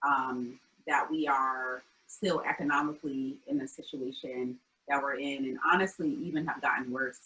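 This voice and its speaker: A woman from Albany, New York, speaks as an interview guest with a low but bright, forceful voice. She talks frankly and thoughtfully, with many fillers. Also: steady tone, normal speed, few pauses, slight background noise, low-quality recording. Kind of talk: casual conversational interview.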